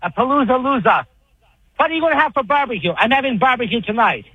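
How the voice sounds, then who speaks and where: A man's voice: extremely high pitch, lively intonation, fast talker, breathy edge, no echo, lo-fi sound. A man calling into a talk radio show, trading insults and needling another caller in a heated, combative way. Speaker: regular caller. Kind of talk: heated call-in banter.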